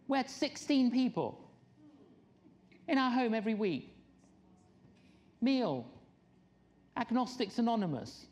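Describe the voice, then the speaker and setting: Middle-aged woman preacher, lively pitch, animated storytelling. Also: takes it slowly, pauses often. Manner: animated storyteller, acts out quoted people with laughs. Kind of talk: sermon storytelling.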